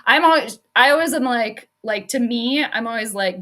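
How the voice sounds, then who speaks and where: Streaming from her home workspace, a woman who does sports astrology keeps things casual, laughing frequently and leaning on "like." Her voice sits a little high, bit bright, at a normal speed.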